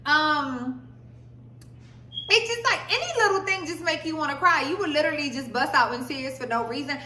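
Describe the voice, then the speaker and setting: A young woman with a high, bright voice chats casually through vlog advice, calling her viewers "y'all". She sits a little back from the mic, and the room around her rings with echo. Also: animated, normal speed, a little hiss or hum. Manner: chatty, addresses viewers as y'all. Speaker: vlogger. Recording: echoey room, voice a bit far from mic.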